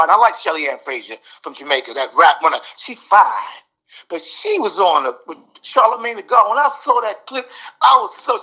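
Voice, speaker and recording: A man's voice: high-pitched, expressive, fairly quick, bright, forceful tone. A man in his sixties arguing heatedly as a podcast guest, mimicking voices and repeating words. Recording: dull lo-fi audio.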